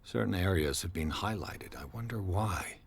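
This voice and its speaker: An actor playing a calm male investigator in a game, muttering his thoughts in a measured way. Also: low voice, vocal fry, heavy background noise. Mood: musing. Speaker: game character. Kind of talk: game voice acting.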